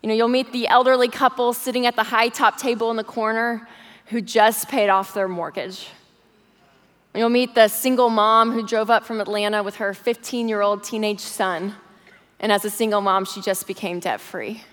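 Brief: woman, slightly high voice, heartfelt storytelling sermon, long hall reverb. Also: fairly even intonation, normal speed, a bit bright. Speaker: guest speaker. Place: large church auditorium.

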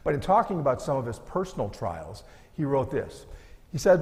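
A man's voice: medium pitch, sing-song, brisk, darkish tone, long reverb tail. A middle-aged male pastor preaching a sermon in an earnest, conversational way, asking his listeners rhetorical questions.

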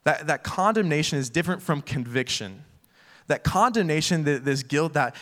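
A man's voice: a little high, animated, moderate pace, fairly bright tone. Casual young man preaching. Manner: casual, filler-heavy preaching with acted-out quotes. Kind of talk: sermon.

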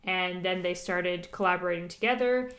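A woman's voice: lowish voice, normal speed, fairly bright tone. A woman hosting a podcast, chatting casually and explaining a topic with lots of fillers and asides. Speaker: podcast host.

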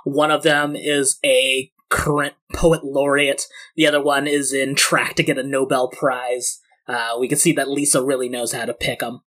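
A man narrating a tabletop game as game master, chatty and quick, often laughing. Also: medium pitch, flat delivery, fairly bright tone.

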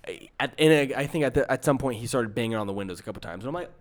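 Guy on a podcast telling a long story, acts out what people said, mid pitch voice. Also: rapid-fire, hardly any pauses. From San Francisco area. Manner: animated storyteller, acts out quotes, many restarts. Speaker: podcast co-host. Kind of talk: casual storytelling chat.

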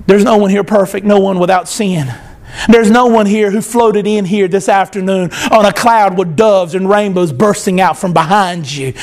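Preacher guy, real high voice, gets loud then quiet, lively sermon. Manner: animated preaching, swings from loud to soft. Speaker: pastor.

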